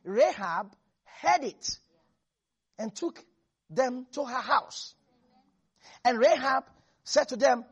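A woman preaching with a high, husky voice. She is animated and emphatic, and her delivery swings from loud bursts to soft asides. The tone is raspy rather than clean. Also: slow, pauses often, dull audio. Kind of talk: sermon.

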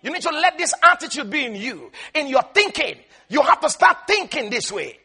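A male pastor preaching a sermon, emphatic, stretching his words out and breaking into shouts. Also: very high voice, very animated, moderate pace.

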